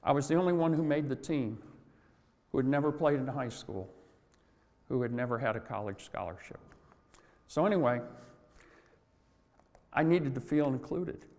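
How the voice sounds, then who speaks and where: A man's voice: medium pitch, lively intonation, moderate pace, pauses often, darkish tone, big-room sound. An older man giving a motivational talk on workplace culture, telling stories in a folksy way with asides.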